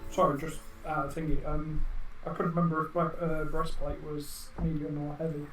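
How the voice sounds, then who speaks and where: A man playing in a tabletop game, talking hesitantly with many pauses and ums. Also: on the high side, little pitch movement, fairly bright tone, faint music behind. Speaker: player. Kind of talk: tabletop role-play. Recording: echoey room, distant mic.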